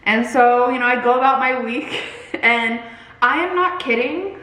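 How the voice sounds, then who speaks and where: A woman in her thirties with a fairly high voice talks chattily and dramatically, breaking into giggles as she cooks. The sound is roomy and echoey, like a home kitchen. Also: measured pace, pushed and bright. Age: 30s. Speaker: vlogger. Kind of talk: casual chat.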